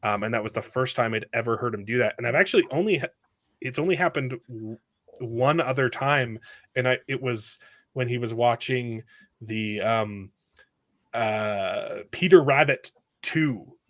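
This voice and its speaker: A man hosting a casual panel chat, a father, talking animatedly and jumping high in pitch when imitating others. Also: unhurried. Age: adult with a young son. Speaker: host.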